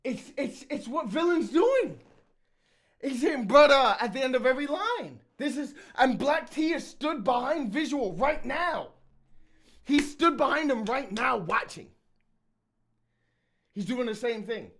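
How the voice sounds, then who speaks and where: A man's voice: very high-pitched, animated, measured pace, fairly bright tone. A man streaming live and reacting to rap battles, giving frank and candid opinions and often repeating words as he thinks aloud. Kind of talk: casual reaction commentary.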